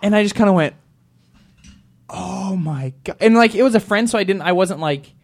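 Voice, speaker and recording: Fast-talking man telling rambling stories. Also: high voice. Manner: rambling, animated anecdotes with acted-out quotes. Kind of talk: casual storytelling chat.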